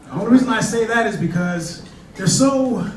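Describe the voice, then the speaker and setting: A man's voice: high voice, moderate pace, slight background noise. A man doing a casual stand-up comedy set, telling stories in a loose, conversational way. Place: comedy club stage. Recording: echoey club, distant mic, crowd. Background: audience laughter.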